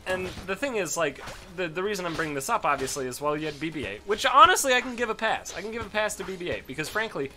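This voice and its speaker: A young man ranting casually about films while commenting on a game, with lots of swearing and restarts. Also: fairly high pitch. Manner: ranting, profane, self-interrupting. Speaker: let's play host.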